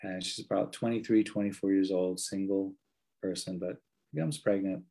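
A man gives a meditation talk and tells a story in a gentle, earnest way. His voice sits low and carries a husky, breathy edge. His phrases often fade softly at the end. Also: fairly even intonation, moderate pace, low-quality recording. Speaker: meditation teacher.

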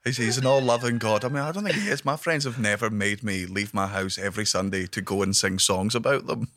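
Bright-voiced man in sweary banter. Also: fairly low pitch, brisk, dry recording. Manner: mocking, sweary rants. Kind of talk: casual chat.

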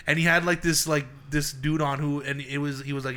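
A man's voice: on the high side, fairly even intonation, fairly quick, pushed and bright. A young man in casual, profane podcast chat, rambling and laughing often.

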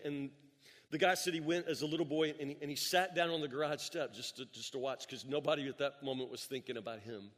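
A man's voice: fairly high pitch, a bit bright. A male pastor preaching a sermon, telling stories with emphatic rises and repeated words. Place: church sanctuary. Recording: long reverb of a large hall.

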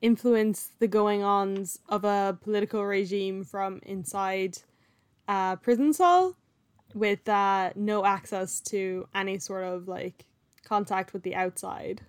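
A woman's voice: mid-range voice, takes it slowly, clear, resonant tone, dry recording, clean studio sound. A woman co-hosting a casual book talk, answering with wry, questioning remarks. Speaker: book podcast co-host.

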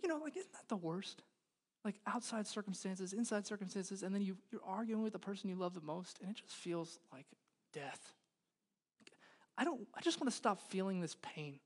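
Pastor guy in his 30s preaching, emotional, goes from loud and pleading to quiet and intense. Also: high-pitched. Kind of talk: sermon. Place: church hall.

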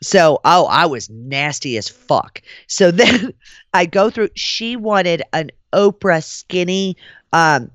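A woman hosting a podcast, telling a story in casual chat, profane and animated, slipping into the voices of the people she quotes. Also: on the low side, slow, no room sound. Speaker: podcast host.

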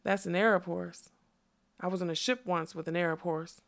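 A woman voicing an old man who speaks quietly to his wife. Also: fairly low pitch, fairly even intonation, moderate pace, vocal fry. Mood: mild. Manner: quiet, reminiscing.

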